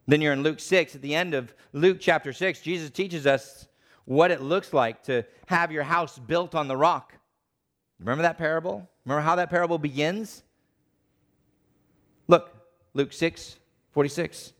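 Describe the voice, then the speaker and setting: A man preaching a sermon, animated, acting out the voices of the people he quotes. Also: a little high, moderate pace.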